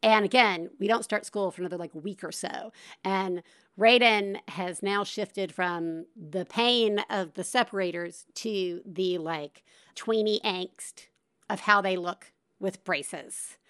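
A middle-aged woman hosting a podcast, telling a story in a casual, animated way and laughing often. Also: medium pitch, slow, smooth. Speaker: podcast host.

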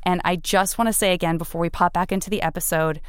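A podcast host with a lower voice talks fast, casual and earnest, in a steady, smooth tone with no room sound. Chatty in an interview and member appeal, she grows emotional and is close to tears as she thanks listeners.

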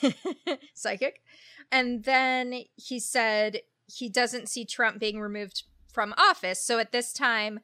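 A woman's voice: fairly high pitch, fairly even intonation, takes it slowly, sharp tone, clear, resonant tone, dry recording. A woman co-hosting a podcast in casual chat, wry and joking as she scores predictions. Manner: wry, scoring predictions with dry humor. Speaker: podcast co-host.

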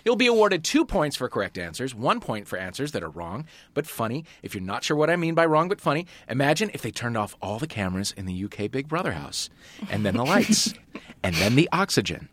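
A man's voice: mid-range voice, very animated, a little fast, a bit bright, dry recording. A man hosting a comedy panel show in a studio, joking playfully with his guests. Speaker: host.

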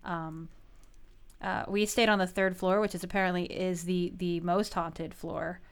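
A woman in her thirties co-hosts a podcast, speaking in a fairly low, smooth, unhurried voice with little pitch movement. In casual chat she tells a story in a giggly, rambling way, saying "like" constantly.

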